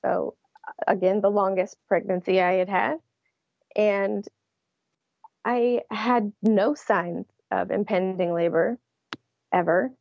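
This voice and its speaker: A woman's voice: medium pitch, slow pace, creaky, long pauses, dry recording, muffled recording. A young adult woman, an interview guest, telling her story in a casual way and laughing often. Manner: laughs often while recounting.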